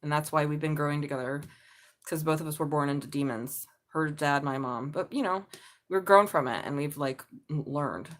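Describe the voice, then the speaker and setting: A woman's voice: deep voice, moderate pace. A middle-aged woman reading tarot on a casual live stream, blunt and chatty, swearing freely. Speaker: tarot reader.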